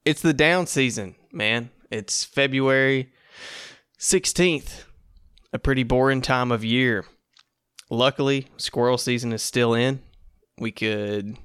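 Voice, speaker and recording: Slow, gravelly-voiced male podcast host. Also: mid-range voice, a bit bright, no echo, clean studio sound. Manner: rambling, laid-back, self-amused. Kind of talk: casual solo podcast.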